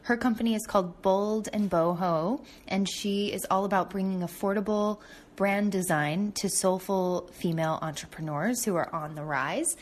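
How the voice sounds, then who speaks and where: A woman's voice: mid-range voice, moderate pace. A young adult woman hosting a podcast, talking in an upbeat, enthusiastic way. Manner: upbeat, enthusiastic, lots of "super". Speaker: podcast host. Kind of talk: casual podcast chat and sponsor read.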